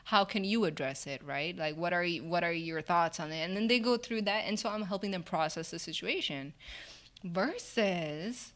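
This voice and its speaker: Animated, laughing woman in casual talk. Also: on the low side, moderate pace. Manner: animated and candid, with frequent laughter and quoted asides. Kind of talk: casual conversation.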